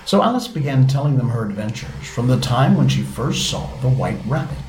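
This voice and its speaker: A man reading a storybook aloud with lively, varied pitch, at times tripping over a word. He is recorded in a roomy space with a faint hiss behind him. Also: moderate pace. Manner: animated, with small slips. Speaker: narrator.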